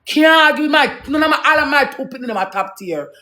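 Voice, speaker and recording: A woman's voice: high-pitched, animated, quick pace, bright, forceful tone. A woman with a Jamaican accent in a heated, profane, preachy rant to her viewers.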